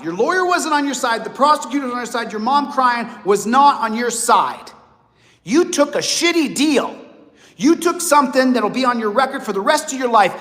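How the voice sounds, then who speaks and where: A man in his late forties talking to viewers in a blunt, animated monologue, acting out other people's voices. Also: sits high. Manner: blunt, profane. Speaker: host. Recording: long hall reverb.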